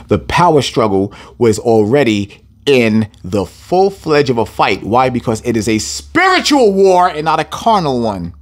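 A man leads a scripture lesson in an emphatic teaching voice. He repeats key phrases for stress and speaks straight to his listeners as family. His pitch rises and falls in lively swings. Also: unhurried. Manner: addresses listeners directly as family. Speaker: Bible teacher.

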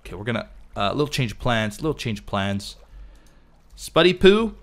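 A let's play host, whose voice is giving out, rattles through his gameplay, chatting to himself as he builds and obsesses over details. He talks fast, with a fairly low pitch and a somewhat bright sound.

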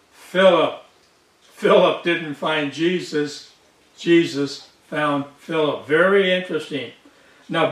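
A man's voice: sits high, echoey room, distant mic. A man preaching a sermon to his congregation, emphatic and repeating key lines, often calling them folks. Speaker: pastor. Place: church sanctuary.

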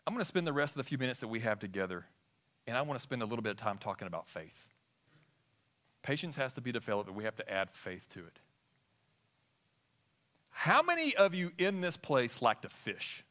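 A man's voice: mid-range voice, sing-song, a little fast, pauses often, pushed and bright. A man preaching a sermon in church, asking the congregation questions as he talks. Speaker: pastor. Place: church sanctuary.

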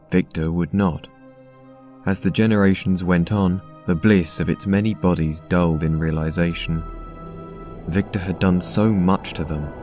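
A man reading a dark story aloud in a measured, even narration. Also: deep voice. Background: synth music.

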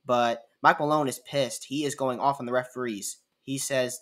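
A man talks viewers through basketball clips in a loose, casual commentary voice. He is chatty and tends to repeat himself as he goes over replays. His pitch sits right in the middle for a man. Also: steady tone, normal speed, hardly any pauses, fairly bright tone. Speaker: sports commentator.

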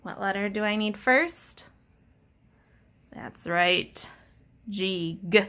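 A woman teacher giving a patient, encouraging reading lesson, sounding out letters slowly for young children. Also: mid-range voice, steady tone, gravelly, a bit bright. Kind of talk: slow, clear early-reading lesson.

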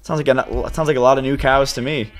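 A young man giving casual, excitable let's-play commentary to his viewers as he plays. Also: mid-range voice, quick pace, faint music behind. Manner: chatty, excitable, talks to viewers as "you guys". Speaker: gaming YouTuber.

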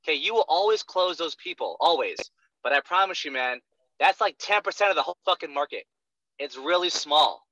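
A young sales coach speaks animatedly and briskly to his trainee, cursing, emphasizing every point, and asking "right?" again and again. The slightly high, very bright voice sounds dry and close, with no echo, on a dull lo-fi recording.

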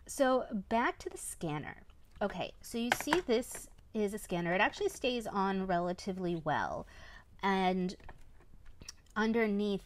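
A woman's voice: medium pitch, a little hiss or hum. A woman, a parent, chatting through a casual toy review and often tagging a questioning "right?" onto her points.

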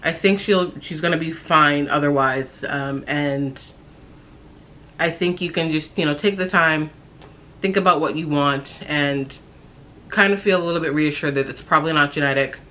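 A young woman casually telling a personal story on her vlog, talking in a halting, reflective way with frequent fillers and restarts. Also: low-pitched, pushed and bright.

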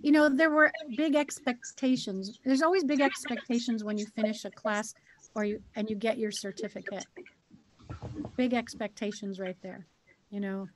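Higher-pitched woman telling stories emphatically. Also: fairly even intonation, moderate pace, low-quality recording. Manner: storytelling, emphatic, repeats key words. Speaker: co-host. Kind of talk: casual heart-to-heart chat.

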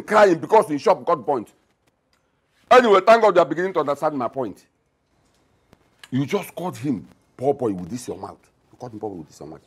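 A man's voice: fairly high pitch, breathy edge. An actor with a Nigerian accent playing a middle-aged father in a film drama who mocks and blusters. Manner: mocking, blustering. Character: scornful older father demanding his food. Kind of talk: Nollywood film acting.

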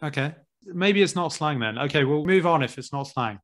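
A man's voice: a little high, expressive, normal speed, a bit bright. A British man hosting a casual podcast chat, easygoing and curious, often asking questions and laughing. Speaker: podcast host, English teacher.

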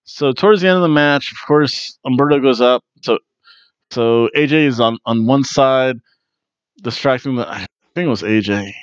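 A man with a smooth, medium-pitched voice hosts a wrestling review podcast at normal speed. He talks casually and rambles with jokes, plenty of fillers, and restarts. The audio is dull, with no echo.

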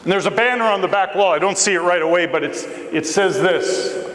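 A man preaching a storytelling sermon as guest preacher, animated and acting out the voices in his story. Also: brisk, roomy sound, in a large hall, low-quality recording. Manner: animated, acts out voices with big pitch jumps. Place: church sanctuary.

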